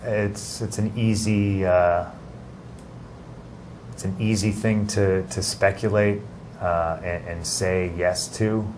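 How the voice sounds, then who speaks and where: A man giving an interview in a casual, halting way, with many restarts and fillers. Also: low voice, fairly even intonation, a little mellow, slight background noise. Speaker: interview guest.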